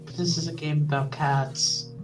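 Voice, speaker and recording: A man's voice: a little high, flat delivery, normal speed, distant mic, over music. A man hosting a let's play, making teasing, dry remarks to his co-host. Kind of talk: casual chat over a game.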